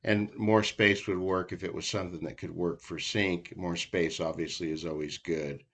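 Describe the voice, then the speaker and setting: Man, very deep voice, songwriter, hesitant, casual discussion. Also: steady tone, normal speed, fairly bright tone. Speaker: songwriter getting feedback.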